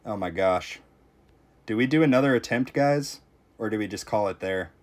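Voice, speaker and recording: A young man streaming a tower defense game, casually chatting with his viewers and reacting out loud to close calls. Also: fairly low pitch, normal speed. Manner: reactive, talks to chat while playing, frequent exclamations. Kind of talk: casual live-stream commentary.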